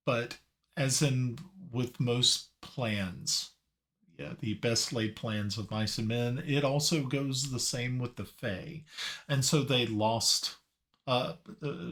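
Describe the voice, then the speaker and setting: Man, game master, unhurried pace, middle pitch, halting delivery, tabletop narration. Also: fairly bright tone. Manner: halting, searching for words.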